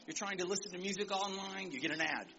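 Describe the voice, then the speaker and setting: High, bright-voiced animated male preacher. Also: fast, vocal fry, muffled recording, slight background noise. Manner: animated, calls for amens, acts out quotes. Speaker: visiting preacher. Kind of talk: sermon to young people. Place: church service in Nigeria.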